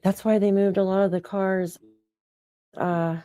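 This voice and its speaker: A woman's voice: mid-range voice, little pitch movement, a little slow, warm tone, clean tone. A woman hosting a casual true-crime livestream, chatting and reading updates aloud in an incredulous way.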